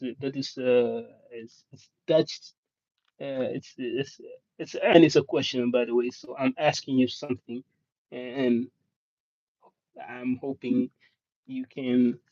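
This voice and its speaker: A man whose first language is Swahili, chatting casually with viewers on a live stream, halting and rambling with many restarts. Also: mid-range voice, steady tone, darkish tone, no room sound. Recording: dull, dry lo-fi sound.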